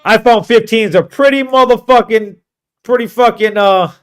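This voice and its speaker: A man's voice: high voice, normal speed, a bit bright, faint music behind. A man on a podcast telling a long, profane road-trip story in casual chat. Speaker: podcast co-host.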